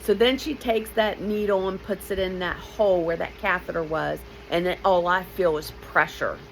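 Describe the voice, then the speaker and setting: A woman in her fifties telling a personal story in a lively, blunt way, with emotional asides to the listener. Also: lowish voice, normal speed, vocal fry, a little hiss or hum, poor audio.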